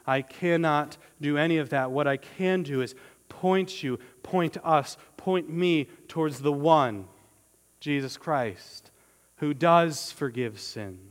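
A man preaching a sermon as pastor, earnest and emphatic, slowing down on key words and often restarting his phrases. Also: a little high, long reverb tail.

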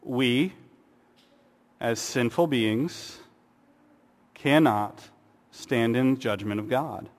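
A man's voice: mid-range voice, very slow, long pauses. A man preaching a sermon, earnest, with rhetorical questions and sarcastic asides. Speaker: pastor. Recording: long hall reverb.

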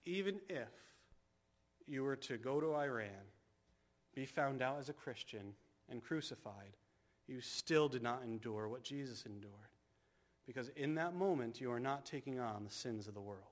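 With an expressive, mid-range voice, a male pastor delivers a church sermon. He swings from soft, unhurried passages to loud, passionate calls.

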